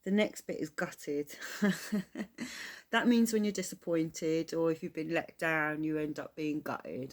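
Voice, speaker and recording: Low-voiced English woman explaining slang. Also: steady tone. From England. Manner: chatty, explains slang with quick laughs. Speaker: reaction video host. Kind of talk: casual reaction commentary.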